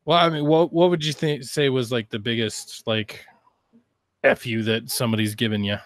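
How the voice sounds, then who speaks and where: A man hosting a casual podcast interview, chiming in with quick jokes and interjections. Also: mid-range voice, steady tone, no echo. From United States. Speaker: podcast host.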